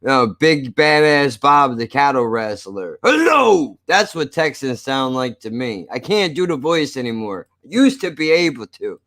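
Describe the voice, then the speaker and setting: A man's voice: medium pitch, animated, a little slow, hardly any pauses, fairly bright tone. A man chatting casually on a live stream. He jokes, swears a lot and laughs often. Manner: profane, joking, laughs often.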